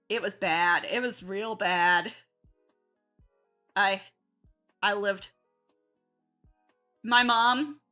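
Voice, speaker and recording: Slow-talking bright young woman streamer. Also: medium pitch. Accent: Midwest-Southern American. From southern United States. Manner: rambling, self-correcting, chatty. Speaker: art streamer. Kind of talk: casual chat while drawing.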